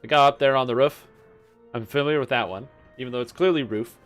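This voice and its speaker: A man's voice: medium pitch, fast talker, soft background music. A man streaming a game, chatting casually and breaking into joking, incredulous rants. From Canada. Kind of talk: casual gameplay chat.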